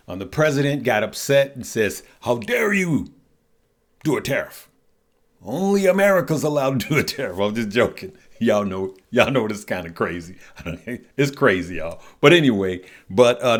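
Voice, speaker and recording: A man hosting a casual stock market show, upbeat and chatty, drawling "y'all" and "good people" at his viewers. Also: fairly low pitch. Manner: upbeat, chatty, laughs at the news.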